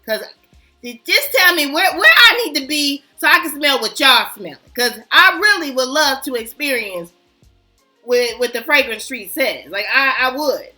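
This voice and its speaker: A woman fragrance vlogger chatting casually to her viewers, animated and self-mocking. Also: sits high, measured pace, soft background music. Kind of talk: casual chat to camera.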